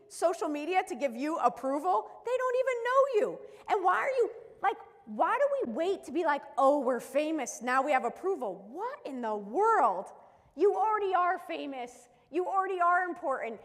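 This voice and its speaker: High-voiced motivational woman coach. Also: a bit bright, long reverb tail. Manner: emphatic, preaching, with rhetorical questions. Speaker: mental skills coach. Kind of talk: motivational live-stream talk.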